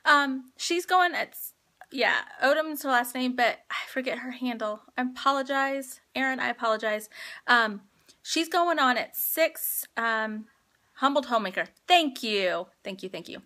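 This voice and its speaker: A woman in her thirties hosting a casual live stream from home on a handheld phone, chatty and quick to laugh, with lots of fillers. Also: sits high, lively intonation, pushed and bright. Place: at home indoors.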